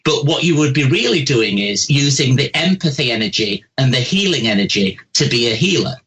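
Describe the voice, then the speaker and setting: A man giving callers blunt, animated psychic readings on live call-in radio. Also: mid-range voice, a little fast, rough recording. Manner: blunt, chatty, animated, says "bugger off", "bloody", "love", "posh".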